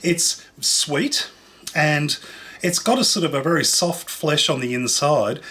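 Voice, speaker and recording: A man's voice: on the high side, animated, measured pace, pushed and bright. A man hosting a casual cooking show, chatting enthusiastically as he tastes and describes fruit. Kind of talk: casual food demonstration.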